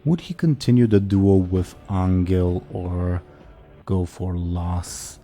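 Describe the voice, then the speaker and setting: A man's voice: sits low, slow pace, mellow, soft background music. A man running a tabletop game as game master, narrating with hesitant fillers.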